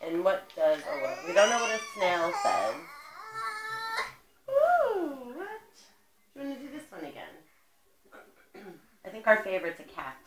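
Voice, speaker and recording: A woman's voice: lowish voice, sing-song, moderate pace, pauses often, reverberant, a crowd in the background. A woman reading a picture book aloud to a toddler in a coaxing, sing-song voice with exaggerated baby talk. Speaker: parent.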